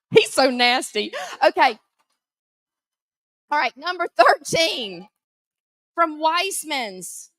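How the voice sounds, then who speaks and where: A woman's voice: a little high, no echo, studio quality. Sassy Southern woman emceeing. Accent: Southern American. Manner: sassy, teasing, animated. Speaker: auction emcee. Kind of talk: live event emcee announcing winners.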